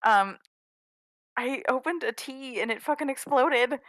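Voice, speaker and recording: A woman's voice: high-pitched, a little slow, dry recording. A woman chatting casually during a break in a tabletop game, laughing often and swearing freely. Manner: giggly, animated, swears freely.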